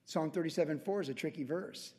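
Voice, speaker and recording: A man's voice: a little high, fast talker, darkish tone, in a large hall. A man preaching a verse-by-verse Bible teaching in a conversational way, often acting out the voices he quotes. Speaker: pastor.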